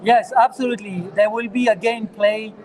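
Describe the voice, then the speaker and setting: A man with a French accent answering interview questions as a founder, earnest and halting with fillers. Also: high-pitched, steady tone, a little mellow, rough recording. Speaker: startup founder, guest. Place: conference venue.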